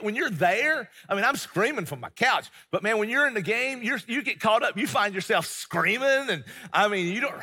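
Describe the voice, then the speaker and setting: A man's voice: high voice, pushed and bright, slightly rough, in a large hall. A middle-aged man preaching a sermon as pastor, chatty and full of fillers and restarts.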